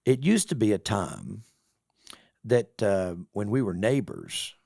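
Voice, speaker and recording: Folksy man, gravelly voice. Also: fairly low pitch, takes it slowly, no room sound, clean studio sound. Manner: folksy, animated storyteller acting out quoted voices. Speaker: business owner and real estate developer. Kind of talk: casual storytelling in a podcast interview.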